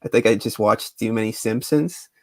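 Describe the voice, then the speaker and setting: Gravelly relaxed male stream host. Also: lowish voice, no room sound. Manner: relaxed, halting with fillers and repeats. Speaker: livestream host. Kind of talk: casual chat.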